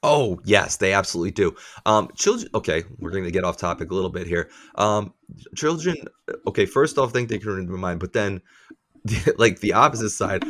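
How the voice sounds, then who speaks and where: A man's voice: sits low, animated, normal speed, a bit bright. A man in his thirties, a podcast co-host and father, telling family stories in casual chat with plenty of laughter and swearing.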